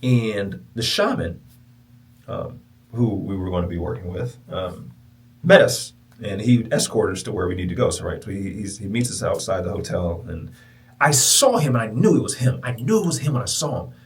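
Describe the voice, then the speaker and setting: A man hosting a podcast who tells a personal story to his listeners. He swings from loud, emphatic bursts to near-whispers and repeats phrases for emphasis. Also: fairly low pitch, big pitch swings, normal speed, distant mic. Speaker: podcast host.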